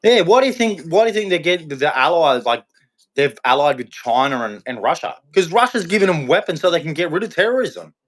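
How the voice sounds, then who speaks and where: A man's voice: a little high, very animated, fairly quick, fairly bright tone. A man hosting a live show, talking in a heated, rambling and repetitive way, often restarting his sentences. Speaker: host. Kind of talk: unscripted live commentary. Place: hot room in Queensland.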